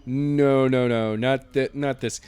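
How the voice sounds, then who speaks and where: A man's voice: mid-range voice, steady tone, takes it slowly, darkish tone, clean tone. A man co-hosting a casual wrestling predictions podcast, joking around playfully. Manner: jokey, playful. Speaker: podcast co-host.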